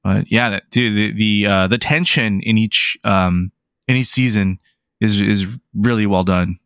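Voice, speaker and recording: Low-voiced hesitant male co-host. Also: steady tone, unhurried, a bit bright, clean tone, no echo, clean studio sound. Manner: hesitant, many fillers. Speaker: podcast co-host. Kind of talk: casual chat.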